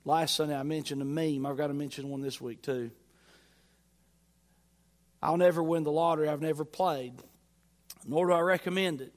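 Male pastor, high voice, emphatic church sermon delivery. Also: fairly even intonation, normal speed, long pauses. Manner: emphatic, repeats phrases with rising force.

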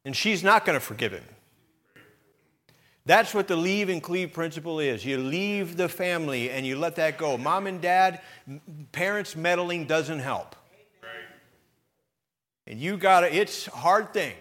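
A man's voice: a little high, animated, measured pace, pauses often. Fervent middle-aged male pastor preaching. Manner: impassioned preaching that swells to loud emphatic peaks; conversational, direct address to the congregation with repetitions. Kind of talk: sermon.

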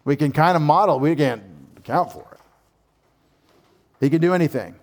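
A fairly high-voiced man preaches through a scripture passage with animated energy. He slips into playful asides and quick acted-out voices for the people in the story. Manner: animated, humorous asides and lively quoted voices. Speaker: pastor. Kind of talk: sermon.

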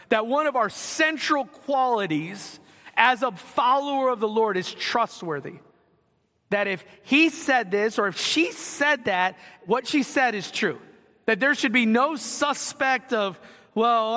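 A man's voice: very high-pitched, sharp tone. A young man preaching a sermon in a church, in a conversational style with asides and acted-out quotes. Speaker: pastor. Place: church sanctuary. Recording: long reverb of a hall.

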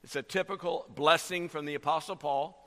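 Guy preaching, bright voice, lots of uh and um and restarts, big echoey hall. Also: a little high, fairly even intonation. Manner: halting, many fillers and restarts. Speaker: pastor. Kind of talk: sermon.

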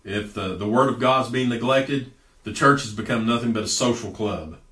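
Folksy preacher, echoey and distant. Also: male voice, medium pitch, normal speed, a bit bright. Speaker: pastor. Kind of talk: sermon. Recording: echoey room, voice heard from a distance.

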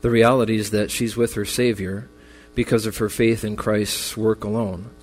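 This memorial sermon comes from a man with a lowish voice, speaking at normal speed with flat delivery. Earnest and comforting, he grows more intense as he goes, and the sanctuary recording carries long reverb with faint music beneath.

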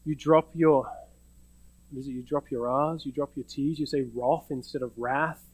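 Suspicious, blunt bystanders press an accusation in a lowered, pointed voice, as a man acts them out. The sound is dry and close. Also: steady tone, moderate pace, a little mellow, breathy edge, dry recording, natural voice, low-quality recording. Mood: accusing.

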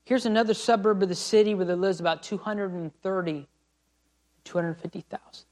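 Man preaching, missionary sermon, impassioned, pleading then hushed. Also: sits high, steady tone, brisk. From United States. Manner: impassioned, rising to pleading cries and dropping to quiet.

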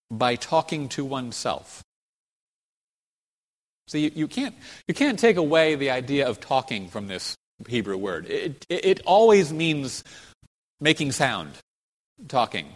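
A man's voice: medium pitch, long reverb tail. A man preaching a sermon earnestly, often restarting and repeating phrases as he builds emphasis. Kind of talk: sermon teaching.

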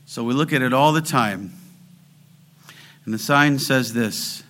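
Male pastor preaching, slow and deliberate, goes loud on scripture then quiet for prayer. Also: mid-range voice. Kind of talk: sermon.

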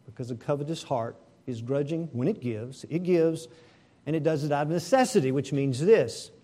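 A man preaching a sermon, animated and asking the congregation rhetorical questions. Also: on the high side, normal speed. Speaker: pastor.

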